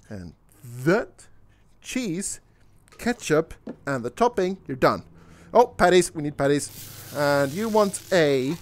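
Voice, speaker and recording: A young man giving casual let's-play commentary, excitable, swearing casually and talking to himself while he plays. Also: a little high. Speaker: gaming YouTuber.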